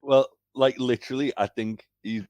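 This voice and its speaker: A man with a middle-pitched voice chats in a relaxed way on a review podcast, using plenty of fillers. The sound is dry and close. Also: normal speed, dry recording. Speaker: podcast co-host. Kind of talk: casual review chat.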